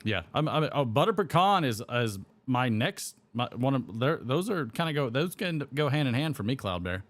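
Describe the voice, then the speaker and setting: A man's voice: medium pitch, sing-song, normal speed, few pauses. A man hosting a live pipe-smoking stream, chatting casually, rambling and reading comments aloud while he smokes. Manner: rambling, reads chat comments aloud and chuckles.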